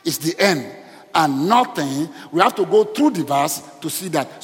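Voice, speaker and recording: A man's voice: fairly high pitch, expressive, measured pace. A man preaching a sermon as pastor and asking the congregation questions as he goes. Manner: asks the congregation questions, preaching with call and response. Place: church hall. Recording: reverberant church hall.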